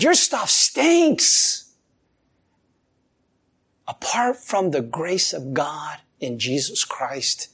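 Male pastor, sermon delivery; very lively, expressive pitch, emphatic, drops to quiet asides. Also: slightly rough. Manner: animated, chuckling, swings between loud emphasis and soft low asides.

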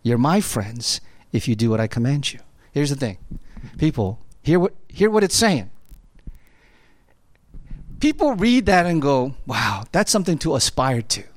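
A pastor delivers a sermon in an animated, conversational style, constantly checking in with his listeners through the tag question "right?". His voice is a little high, he speaks unhurriedly with frequent pauses, and the recording is dry.

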